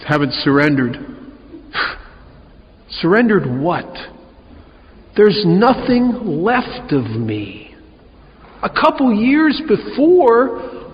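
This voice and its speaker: A man speaking at a recovery meeting, telling his own story with wry, animated delivery in a hall. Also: high voice. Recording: muffled, reverberant hall recording.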